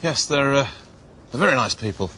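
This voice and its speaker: A man's voice: medium pitch, animated, brisk, pushed and bright, slight background noise. A man presenting a children's puppet show in a chatty, jokey, exclaiming manner.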